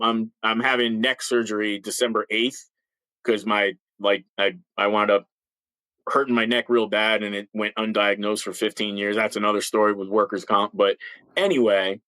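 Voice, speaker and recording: A man's voice: on the low side, pushed and bright, smooth, no echo, rough recording. Blunt fifty-something man with a slight lisp. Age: 50s. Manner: blunt, emphatic, repeats words when starting sentences. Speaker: retired police officer, guest. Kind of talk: candid interview storytelling.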